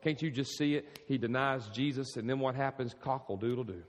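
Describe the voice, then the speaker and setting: A man's voice: mid-range voice, fairly even intonation, fairly quick. A male pastor preaches in a mid-range voice, storytelling and asking the room questions. His voice rings with a long hall reverb. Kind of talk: sermon.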